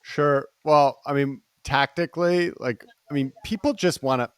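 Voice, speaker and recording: Energetic man in his forties, dry sound. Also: fairly high pitch, moderate pace, clean tone, no echo. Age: 40s. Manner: energetic, animated storytelling with frequent "right?" tags. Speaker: guest author and speaker. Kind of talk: conversational interview answers.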